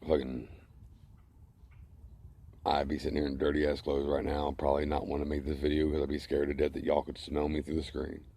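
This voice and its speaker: A man's voice: a bass voice, completely flat delivery, fairly quick, vocal fry, long pauses, warm tone, no echo. A middle-aged man ranting to camera in a blunt, heated, profane way. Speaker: vlogger. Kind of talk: angry casual rant to camera.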